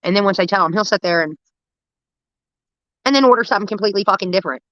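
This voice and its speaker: A young woman rattles through profane family anecdotes at a brisk clip, her voice bright and a bit tense. The sound is dry and slightly muffled, like a basic home mic with no room around it. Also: mid-range voice, no echo. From United States. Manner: rambling, profane, animated anecdotes about her dad. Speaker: livestream host. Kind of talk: casual storytelling.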